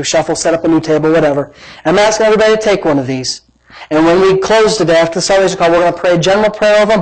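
A man's voice: on the high side, poor audio. A man preaching a sermon as pastor, emphatic and repetitive, acting out imagined conversations, then leading a prayer and altar call. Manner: emphatic preaching, repeats lines, plays out imagined dialogue.

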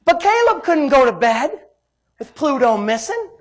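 A woman preaching a sermon, swinging between loud emphasis and hushed asides, telling homey stories with laughter. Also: high voice, big pitch swings, measured pace.

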